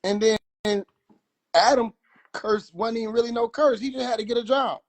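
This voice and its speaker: A man's voice: high voice, normal speed. A man riffing in a casual livestream, profane, slangy and laughing often. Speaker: livestream host.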